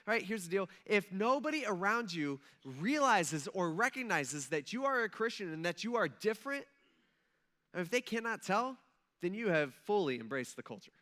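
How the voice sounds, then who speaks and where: Bright-voiced animated pastor. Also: male voice, sits high. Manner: animated, acts out quoted voices, frequent "okay?" and "right?". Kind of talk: conversational sermon. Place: church sanctuary.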